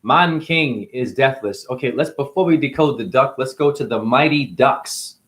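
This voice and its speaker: A man's voice: medium pitch, moderate pace, fairly bright tone. A man acting as a spiritual teacher, talking through a rambling monologue with free-associating wordplay and musing asides.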